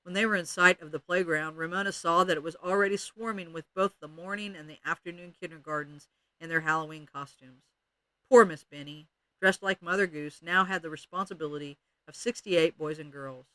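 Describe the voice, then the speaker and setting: A man's voice: a little high, steady tone, a little fast, sharp tone, dry recording. A man expressively reading a children's chapter book aloud. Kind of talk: read-aloud storytelling.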